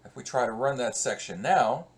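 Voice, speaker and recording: A man's voice: medium pitch, lively intonation. A male professor walking through code in a screen-recorded lesson, talking conversationally and thinking aloud as he works. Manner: slow, conversational, thinks aloud while working.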